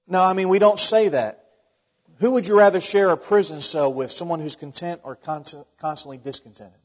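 Male pastor, sermon, rhetorical questions, slightly raised pitch, long reverb, muffled sound. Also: moderate pace. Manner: conversational preaching with rhetorical questions and asides. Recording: dull long reverb in a large hall.

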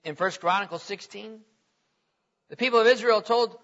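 A man preaching a sermon who reads scripture aloud and asks his listeners direct questions, swinging between soft questioning and loud, earnest declaring. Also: high-pitched, normal speed. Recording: echoey hall, dull lo-fi sound.

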